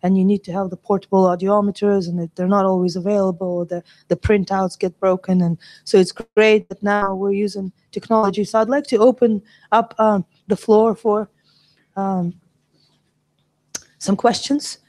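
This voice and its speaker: Woman, panel moderator, mellow, dark tone, brisk and organized. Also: mid-range voice, fairly even intonation.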